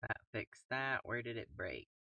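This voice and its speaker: A young man casually commentating his own gameplay in a calm, soft-spoken way, throwing in playful made-up sound words. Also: medium pitch, moderate pace, no room sound, distant mic. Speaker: gaming YouTuber.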